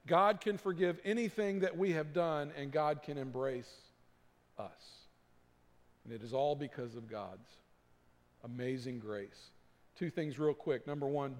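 Preaching man in a reverberant hall. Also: fairly high pitch. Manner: preaching with swells from hushed to emphatic. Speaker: pastor. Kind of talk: sermon.

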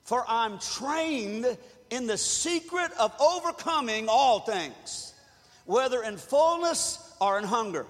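A man preaching a sermon to a congregation in a conversational way, building up to shouted calls for them to answer. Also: very high-pitched, lively intonation, measured pace. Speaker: pastor. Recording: long hall reverb.

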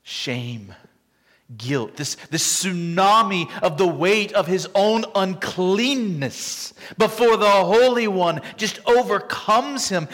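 A man preaching a sermon, dramatic and vivid, acting out the scripture quotes with big shifts between loud and quiet. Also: high voice, expressive, slow. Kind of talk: expository sermon. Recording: long reverb from a large hall.

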